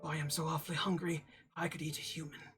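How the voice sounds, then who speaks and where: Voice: medium pitch, sing-song, normal speed, gravelly, fairly bright tone, faint music behind. A streamer voicing a polite, well-spoken man in a plague doctor mask, reading a game aloud with formal, courteous phrasing. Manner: courteous, genteel and overly formal. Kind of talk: let's-play reading aloud.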